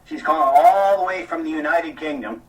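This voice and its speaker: A man with a Boston accent hosting a casual radio talk show, relaxed and joking. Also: fairly high pitch, normal speed, far from the mic, a little hiss or hum, rough recording. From Salem, Massachusetts.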